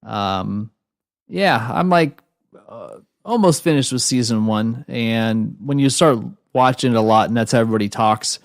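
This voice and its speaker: A man's voice: mid-range voice, normal speed, no echo, clean studio sound. A man co-hosting an entertainment podcast, chatting casually and jokingly, sometimes mimicking accents for fun. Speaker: podcast co-host. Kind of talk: casual chat.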